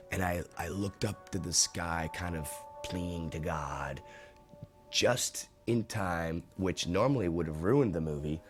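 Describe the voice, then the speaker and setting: A man, an actor, telling lively stories from a film shoot in a documentary interview and acting out the lines of people he quotes. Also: deep voice. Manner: animated storyteller who acts out quotes.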